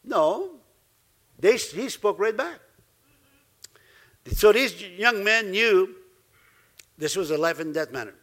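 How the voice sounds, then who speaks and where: A man preaching a sermon as pastor, lively, laughing now and then and acting out the voices he quotes. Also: high-pitched, slow pace, long pauses.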